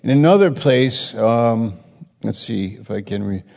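A man preaching a sermon and teaching from the Bible, rambling and correcting himself as he retells stories with rising excitement. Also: mid-range voice, measured pace, vocal fry. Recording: long hall reverb.

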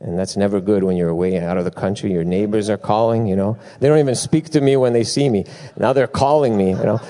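A middle-aged man preaching a sermon, telling lively stories with asides and bursts of laughter. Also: lowish voice, a little fast, hardly any pauses. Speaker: pastor.

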